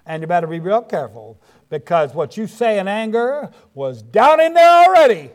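Man, middle-aged, pastor, sermon, folksy, high-pitched, frequent amens. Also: big pitch swings, moderate pace. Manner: folksy preaching, frequent "amen" asides.

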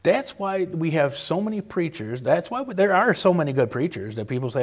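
A man's voice: a little high, sing-song, a little fast. A man preaching a sermon, repeating key phrases for emphasis and acting out the voices of people he quotes.

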